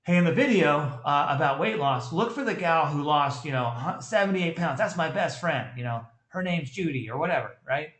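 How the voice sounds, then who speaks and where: A man coaching salespeople with blunt, animated commentary on a recorded call, laughing often. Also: fairly high pitch, a little fast, hardly any pauses. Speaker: sales trainer critiquing a call. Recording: echoey room.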